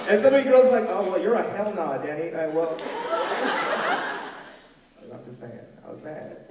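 A young man from the West Coast doing a loud, animated stand-up comedy set, acting out both sides of his stories in a large hall. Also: high-pitched, moderate pace, pauses often. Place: large hall with live audience. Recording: echoey hall from far off, loud crowd noise.

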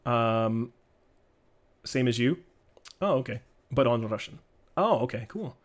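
A man casually commenting on his live-streamed card game, joking and teasing in an animated way. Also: medium pitch, a little slow. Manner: animated, joking, trash-talking.

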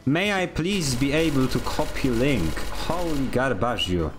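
A man's voice: medium pitch, lively intonation, unhurried, music in the background. A man streaming a video game, chatting casually with playful, mock-dramatic complaints and outbursts. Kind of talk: casual gaming commentary.

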